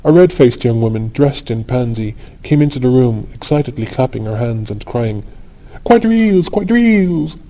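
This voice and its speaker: A man narrating a classic short story as a sleep audiobook, in a calm, even, unhurried reading. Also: medium pitch, poor audio.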